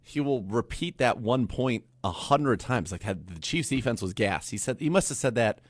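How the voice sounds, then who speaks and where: A man's voice: mid-range voice, expressive, normal speed, no room sound. A man co-hosting a sports podcast, critiquing the broadcast in casual chat.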